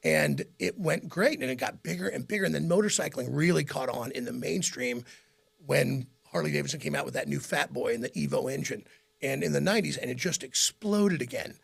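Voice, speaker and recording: A middle-aged man with a gravelly, raspy voice, a radio host telling rambling stories in a casual interview and laughing often. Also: a little high, brisk. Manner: rambling, animated anecdotes with frequent laughs.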